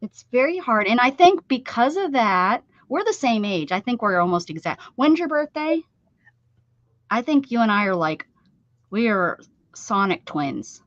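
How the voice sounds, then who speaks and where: A woman's voice: on the high side, very animated, unhurried, no room sound, muffled recording. A woman in her fifties hosting a craft livestream, chatty and self-teasing, laughing often. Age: 50s. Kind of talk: casual livestream chat. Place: home craft room.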